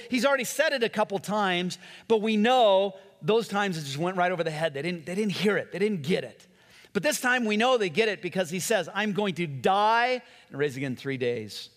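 A man's voice: sits high, expressive, normal speed, a bit bright, big-room sound. A man preaching a sermon in a conversational way, acting out quotes and often restarting his sentences. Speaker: pastor.

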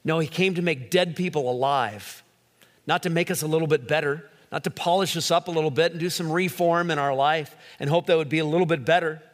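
A man's voice: fairly high pitch, fairly quick. Man preaching in a reverberant hall. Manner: animated preaching with voiced quotes. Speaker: pastor. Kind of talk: sermon.

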